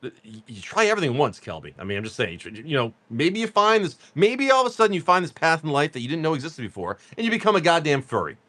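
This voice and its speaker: A man's voice: on the high side, huge pitch swings, fast talker, hardly any pauses, a bit bright, no room sound. A man chatting casually on a live stream, joking with viewers while he reads off cards. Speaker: card-break livestream seller.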